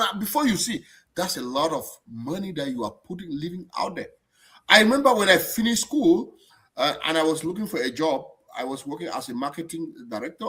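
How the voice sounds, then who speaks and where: A man hosts a live stream in an animated, chatty way. His voice sits a little high and swings widely in pitch, with a bright, forceful edge. He often repeats words and restarts his sentences. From abroad, not German-born. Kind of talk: casual live-stream chat.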